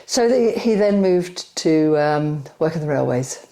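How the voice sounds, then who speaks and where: Deep-voiced older London woman with rounded vowels. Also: expressive, a little slow, warm tone. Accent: London English softened by elocution lessons. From West London, England. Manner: chatty, laughs easily. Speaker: interviewee. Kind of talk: casual interview talk.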